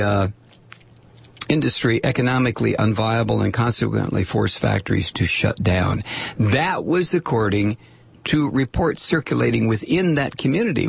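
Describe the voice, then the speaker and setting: A man hosting a political talk radio show, delivering a sarcastic, animated monologue and reading listener messages. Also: mid-range voice, vocal fry, slightly rough, no echo. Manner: sarcastic, animated, mock voices for quoted people.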